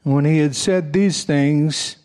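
A man's voice: fairly high pitch, fairly even intonation, unhurried, darkish tone. A male pastor preaching a sermon, reading scripture aloud and breaking off for folksy asides to his congregation. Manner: raises his voice for emphatic passages.

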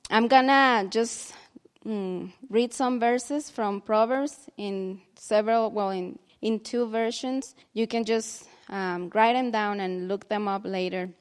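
A woman's voice: mid-range voice, smooth. A woman giving earnest devotional teaching and reading Bible verses aloud. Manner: earnest and heartfelt; reads scripture aloud slowly.

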